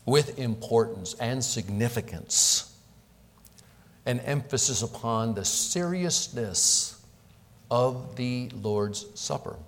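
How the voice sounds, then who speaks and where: A middle-aged man, a pastor, leading a prayer and then preaching with earnest, emphatic delivery and deliberate pauses. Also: medium pitch, expressive. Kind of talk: prayer and sermon. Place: church sanctuary. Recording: long reverb of a church hall.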